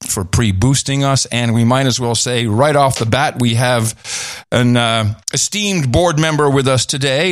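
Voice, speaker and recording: A man's voice: mid-range voice, a little slow, hardly any pauses, no room sound, clean studio sound. An older man hosting a podcast in casual chat, playful and joking. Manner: playful, joking, slips into sung intros. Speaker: podcast host.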